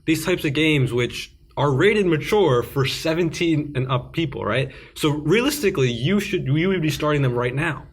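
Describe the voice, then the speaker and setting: A man's voice: a little high, expressive, moderate pace, few pauses, husky. A teenage man co-hosting a podcast, reflective and questioning about culture. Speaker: podcast co-host. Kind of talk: casual discussion.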